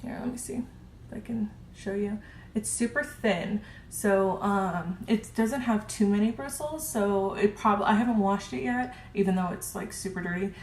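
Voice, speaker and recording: A woman's voice: mid-range voice, moderate pace, a little mellow. A woman casually reviewing her makeup brushes, gushing and chatty with lots of ums. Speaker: beauty vlogger. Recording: roomy with faint hiss.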